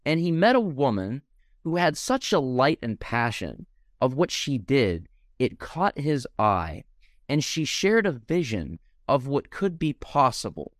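Young man, podcast host, lively swinging delivery, dry close mic, fervent and heartfelt. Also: mid-range voice, measured pace, dry recording. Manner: passionate, heartfelt, animated. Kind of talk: podcast interview.

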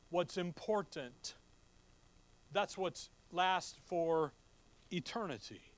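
A man's voice: sits high, animated, normal speed, a bit bright, dry recording. A man preaching a sermon to his congregation, reading scripture and explaining it in a folksy, conversational way full of rhetorical questions. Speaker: pastor.

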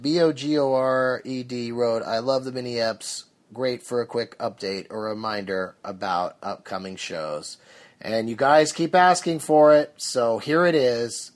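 A man hosting a podcast, reading listener reviews aloud in a dry manner. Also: medium pitch. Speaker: podcast host.

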